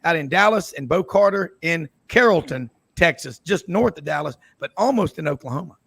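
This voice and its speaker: A man's voice: a little high, lively intonation, normal speed, gravelly, fairly bright tone, slightly rough. A man hosting a sports radio roundtable, talking in a rambling, jokey, storytelling way. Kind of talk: casual radio roundtable chat.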